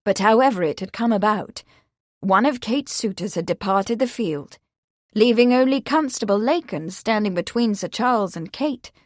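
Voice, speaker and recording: This is scripted audiobook narration by a woman of medium pitch, delivered in a steady, measured storytelling style. The studio sound is clean and free of echo.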